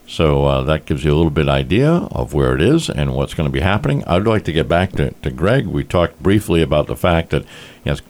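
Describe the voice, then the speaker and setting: A man from Rhode Island hosting a casual interview about a theater show, talking in a relaxed, conversational way. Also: a bass voice, fairly quick. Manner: conversational, uses fillers. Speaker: radio host.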